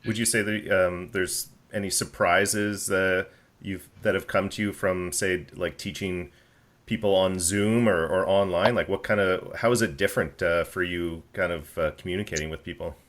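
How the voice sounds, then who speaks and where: A man hosting a podcast interview, asking questions hesitantly and quietly with many fillers. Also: low-pitched, steady tone, moderate pace. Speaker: podcast host. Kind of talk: casual interview.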